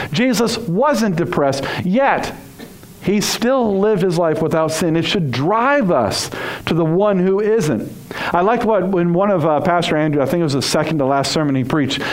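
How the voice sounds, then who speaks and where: Male pastor, sermon storyteller, slightly higher pitch, acts out the lines. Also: poor audio. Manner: storytelling, acts out dialogue, drops to a whisper at times.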